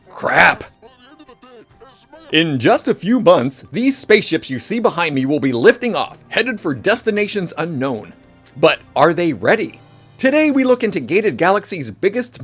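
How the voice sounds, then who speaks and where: An actor playing a pompous TV news anchor in an audio drama who gets easily exasperated. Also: male voice, fairly high pitch, fairly bright tone, exaggerated voice.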